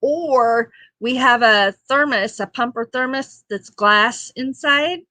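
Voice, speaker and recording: Woman host, easygoing morning chat, unhurried delivery, slightly high voice, laughs a lot. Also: sharp tone, no echo. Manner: chatty and homey, laughs often, many fillers. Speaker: livestream talk show host. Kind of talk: casual chat reading viewer comments.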